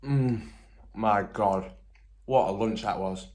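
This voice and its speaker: A man's voice: on the low side, takes it slowly, darkish tone. A young man, chatting enthusiastically in a casual food vlog. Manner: enthusiastic and chatty, lots of exclamations. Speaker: vlogger.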